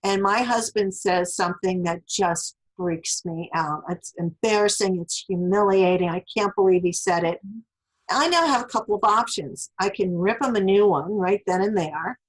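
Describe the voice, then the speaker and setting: A woman author guest explains relationship advice in a relaxed interview. She builds her points through everyday scenes and sometimes slips into the voices of the people in them. Her voice sits at an ordinary middle pitch. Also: normal speed, poor audio. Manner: explains through worked examples, acts out spoken lines.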